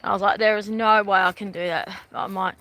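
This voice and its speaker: A woman's voice: medium pitch, steady tone, quick pace, sharp tone. A middle-aged Australian woman chatting casually on a live stream while she walks outdoors by a river, rambling and often laughing. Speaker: vlogger.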